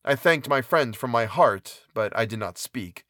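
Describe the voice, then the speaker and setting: A man reading a classic novel aloud in a measured, even narration. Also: mid-range voice, no room sound, studio quality. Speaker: audiobook reader.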